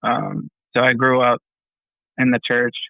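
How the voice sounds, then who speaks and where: A man in a band, introducing himself in a casual interview, hesitant with frequent pauses. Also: medium pitch, level tone, vocal fry, no echo, phone-quality sound. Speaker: band member.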